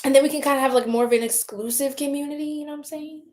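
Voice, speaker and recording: A woman's voice: high voice, fairly even intonation, very fast, darkish tone. Chatty woman tarot livestreamer. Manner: chatty, swears, laughs often, talks to chat. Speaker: tarot reader livestream host. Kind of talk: casual livestream chat with viewers.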